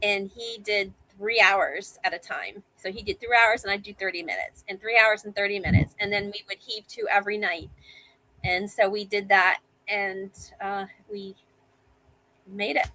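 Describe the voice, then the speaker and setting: Woman, 50s, bright voice, animated storyteller, video call interview. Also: medium pitch, normal speed, no echo, rough recording. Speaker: guest.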